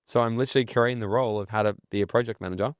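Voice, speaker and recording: In a very fast, fairly even delivery, this man's voice sits on the low side. The clean studio sound has no room echo as the entrepreneur, a podcast guest in a casual interview, bluntly tells stories and curses freely to make his points.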